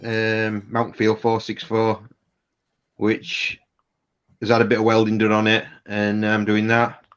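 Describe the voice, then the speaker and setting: Unhurried Sheffield man on a dull call line. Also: lowish voice, completely flat delivery, a bit bright, clear, resonant tone. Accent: Sheffield English. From England. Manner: unhurried, halting with fillers. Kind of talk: casual chat on a live stream.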